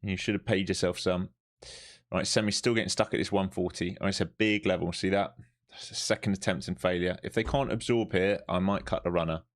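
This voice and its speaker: Guy talking through his trades live, low voice, sounds wiped out, chatty and swears a lot. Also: fairly even intonation, brisk. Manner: chatty, loose and profane, thinking aloud. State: overtired. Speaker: live-streaming day trader. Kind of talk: live trading commentary.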